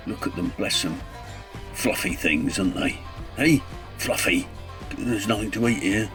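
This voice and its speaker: A man's voice: lowish voice, unhurried, long pauses, a bit bright, soft background music. Chatty rambling male vlogger. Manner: rambling, chatty, with self-deprecating asides. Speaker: narrowboat vlogger. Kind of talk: casual vlog narration.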